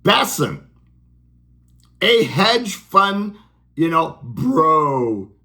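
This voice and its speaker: A man's voice: on the high side, big pitch swings, drawn-out words, bright, forceful tone. A man delivering a sarcastic, profane political rant, laughing at his own jokes. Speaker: political vlogger.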